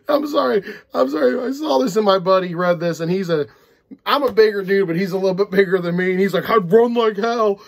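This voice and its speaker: A man's voice: high voice, fairly quick, creaky, pauses often. Tired, rambling man reviewing a book. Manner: rambling, easily breaks into giggles. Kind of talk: casual unedited video review.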